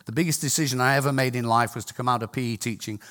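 A man's voice: mid-range voice, steady tone, very fast, fairly bright tone. An older man from Scotland, preaching a sermon and telling jokes and stories, chuckling at his own anecdotes.

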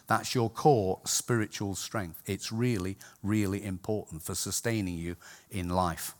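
A man's voice: deep voice, fairly even intonation, measured pace, a little mellow. An older man from Scotland, preaching a sermon and telling jokes and stories, chuckling at his own anecdotes.

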